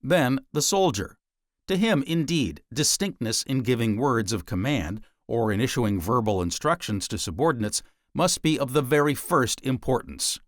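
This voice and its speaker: A man reads an old book aloud as an audiobook narrator, in a measured and deliberate voice. His pitch rises and falls a great deal as he leans into key words. The sound is dry and close, with no room around it. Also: dry recording. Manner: measured, deliberate reading with dramatic pauses.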